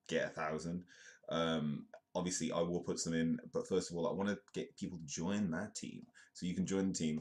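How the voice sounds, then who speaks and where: Host: hoarse British man, extremely deep voice, rambling live-stream news chat full of ums. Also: a little mellow. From United Kingdom. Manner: rambling, lots of ums and restarts, jokey asides. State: hoarse, voice sounds bad.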